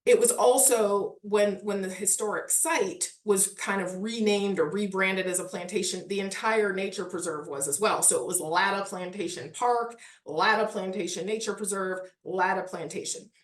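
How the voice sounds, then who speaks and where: A woman's voice: medium pitch, moderate pace, hardly any pauses, reverberant. A woman with a Midwestern accent, a historic site manager answering interview questions in an earnest, chatty way full of "like" and "um". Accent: Midwestern American.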